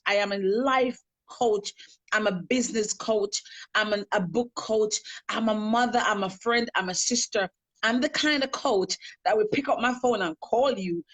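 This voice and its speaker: A woman's voice: medium pitch, a bit bright. A woman life coach hosting a live-streamed interview, talking earnestly and emphatically, with repeated phrases.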